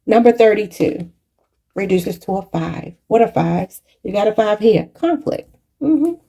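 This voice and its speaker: A woman's voice: medium pitch, expressive, a little slow, gravelly, mellow, breathy edge. A woman giving a channeled tarot reading, emotional and preachy, choked up and near tears, calling her viewers y'all. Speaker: tarot reader.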